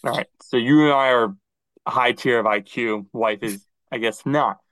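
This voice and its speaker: A man co-hosting a podcast, chatting casually and acting out quoted dialogue in an animated storytelling manner. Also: medium pitch, normal speed, no echo, poor audio. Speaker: podcast co-host. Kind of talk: casual chat.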